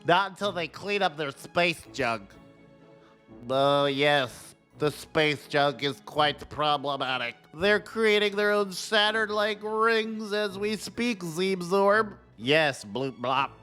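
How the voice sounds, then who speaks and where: A man's voice: fairly high pitch, sharp tone, soft background music. A man doing snooty disgusted space aliens. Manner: prim, slow, sniffy disapproval.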